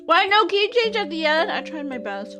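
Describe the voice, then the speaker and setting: A woman's voice: very high voice, very animated, moderate pace, music in the background. A woman streamer in casual chat with her viewers, talking while she eats. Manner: chatty, talks while eating.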